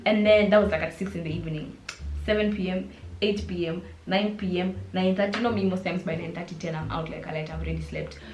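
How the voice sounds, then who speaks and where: A young Kenyan woman with a Kenyan accent, telling a casual storytime vlog and acting out the quotes with lively switches into Swahili slang. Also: on the low side, fast, slight background noise. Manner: animated, mixes in Swahili and slang, acts out quotes. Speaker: vlogger. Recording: roomy echo.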